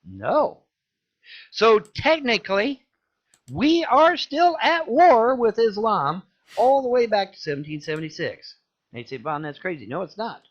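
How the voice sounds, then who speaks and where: High-voiced man ranting angrily. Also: sing-song, measured pace. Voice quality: loud, cursing, repeats himself. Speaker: ranting video creator. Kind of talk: angry profane rant. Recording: dull lo-fi audio.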